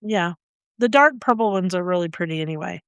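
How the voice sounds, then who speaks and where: A woman with a lowish, fairly bright, smooth voice co-hosts a gardening podcast, speaking animated and fairly quick as she chats, tells stories, and laughs often. The sound is clean studio quality with no room sound.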